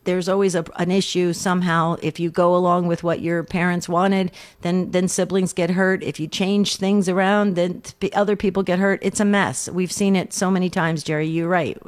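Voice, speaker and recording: A middle-aged woman co-hosting a call-in radio show, giving gentle, earnest advice and often repeating words as she thinks aloud. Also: on the low side, level tone, moderate pace, hardly any pauses. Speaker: radio show co-host and counselor.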